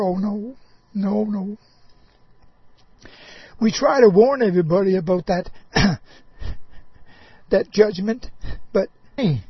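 A man's voice: high voice, husky, no room sound, muffled recording. A man preaching a folksy sermon, talking directly to an apostle, drawling and chuckling with frequent "oh" interjections.

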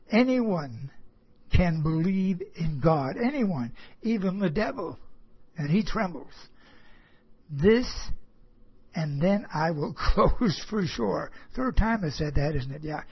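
A man delivers a sermon in a high, husky voice, taking his time over each phrase. He asks his listeners rhetorical questions and chuckles at himself. The recording is dull and lo-fi. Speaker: preacher.

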